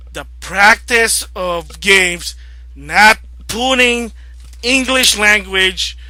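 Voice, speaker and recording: A man vlogging about video games, rambling casually and growing agitated and loud as he rants. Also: sits high, no room sound. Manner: rambling, grows agitated and loud when ranting. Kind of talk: casual opinion vlog rant.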